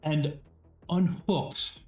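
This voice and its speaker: A man's voice: a little high, steady tone, roomy sound, soft background music. A man narrating a tabletop game as game master, hesitant and full of fillers and restarts. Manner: halting, many fillers and restarts.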